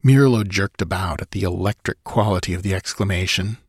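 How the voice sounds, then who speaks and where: A man narrating a story in a steady, dramatic reading style. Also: deep voice, fairly quick, breathy edge, dry recording, studio quality. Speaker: audiobook narrator. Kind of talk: scripted narration.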